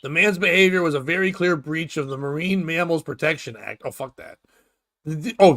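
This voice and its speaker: A man hosting a comedy podcast, reading news stories aloud and ranting about them in a profane, animated way, laughing at his own jokes. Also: a little high, normal speed, vocal fry.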